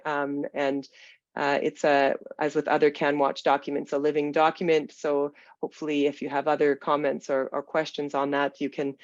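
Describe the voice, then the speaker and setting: A webinar moderator with a gravelly voice, irritated by smoky air, speaking in a halting, hedging way over a video call. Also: mid-range voice, no room sound. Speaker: panel moderator. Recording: dull, dry video call audio.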